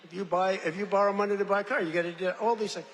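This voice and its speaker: A man's voice: high-pitched, fairly even intonation, rapid-fire, fairly bright tone, slight background noise. An older man giving a rambling, boastful rally speech from a podium, with mocking asides and acted-out quotes. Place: large event venue. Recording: reverberant venue with faint ambience.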